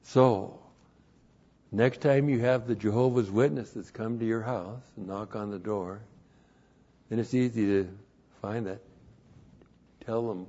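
A man teaching a verse-by-verse Bible lesson in a deliberate, emphatic way, stressing key words. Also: lowish voice, steady tone, warm tone, lo-fi sound.

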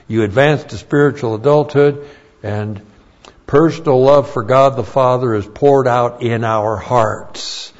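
A man teaching a Bible lesson as a sermon, slow and deliberate, repeating key phrases for emphasis. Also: fairly high pitch, darkish tone. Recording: dull lo-fi recording.

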